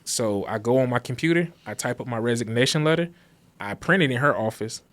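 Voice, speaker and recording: A man's voice: mid-range voice, fairly quick. A man in his thirties, a designer and guest, telling stories in a casual chat and acting out the dialogue. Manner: lively storyteller who acts out quoted dialogue. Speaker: guest, graphic designer and business founder.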